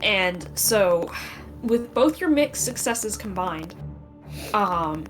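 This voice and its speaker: Woman gm taking her time, lots of ums, soft music behind. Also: mid-range voice, expressive, poor audio. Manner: halting, thinking aloud with many fillers. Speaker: game master. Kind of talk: narrating a tabletop game.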